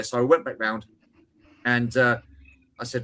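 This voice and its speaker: Brief: male co-host, bright forward tone, a bit hoarse, chatty and swearing. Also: mid-range voice, flat delivery. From United Kingdom. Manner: chatty storyteller, quick asides and swearing. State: slightly hoarse. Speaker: livestream co-host. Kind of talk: casual livestream chat.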